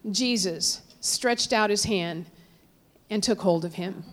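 A woman preaching a sermon, telling a story with sudden swings between raised cries and hushed, low passages. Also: slow. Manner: storytelling, dramatic swings from loud cries to hushed near-whispers; quotes figures in raised voices, drops low and soft on God.

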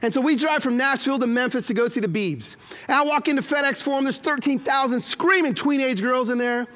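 A man's voice: very high voice, a little fast. A man in his forties preaching a sermon as a pastor, telling stories with acted-out quotes. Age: 40s. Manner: animated storytelling with acted-out quotes.

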